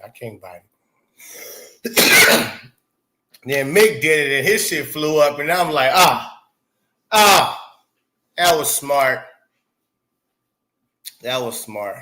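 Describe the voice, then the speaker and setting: Streamer host, man, bright mid-pitched voice, loose swearing chat, laughs easily. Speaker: livestream host. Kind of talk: casual livestream chat.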